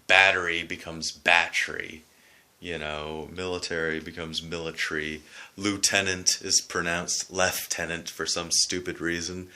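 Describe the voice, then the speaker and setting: A man's voice: low voice, pushed and bright. A man with a southwestern Ontario Canadian accent, hosting a loose, rambling video lesson that demonstrates how words are pronounced. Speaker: video host explaining accents. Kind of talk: casual spoken explainer.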